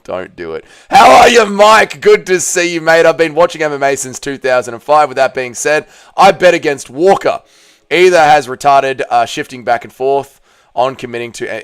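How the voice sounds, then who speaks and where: A man's voice: medium pitch, fairly bright tone, clean tone. A man hosting a livestream, reading viewer comments aloud and reacting casually, with loose, swearing banter. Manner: laid-back, swears freely, reads chat aloud and reacts. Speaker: livestream host.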